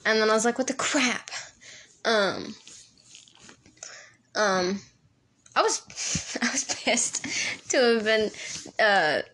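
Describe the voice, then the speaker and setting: A teenage girl, acting as podcast co-host, chats solo on a casual podcast from a room at home, captured on a home recording app. She rambles with plenty of ums and likes, laughs often, and pauses frequently. Her voice is medium in pitch, animated, slow, and a bit bright, with some hiss or hum.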